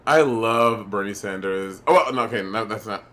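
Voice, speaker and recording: A man co-hosts a casual podcast chat with a bright, forward voice. He rambles loosely, teases his co-host, and swears freely. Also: on the low side, moderate pace. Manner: loose, profane, teasing.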